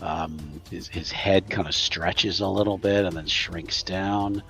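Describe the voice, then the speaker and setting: Man, game master, deep voice, gravelly, halting narration, faint music behind. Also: steady tone, a bit bright. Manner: halting, filler-heavy narration.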